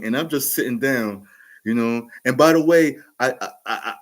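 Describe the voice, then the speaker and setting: A man in his forties with a New York accent, telling a casual, rambling story with frequent restarts and fillers. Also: mid-range voice. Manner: rambling, laughs often, many restarts and fillers. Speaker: podcast host telling a story.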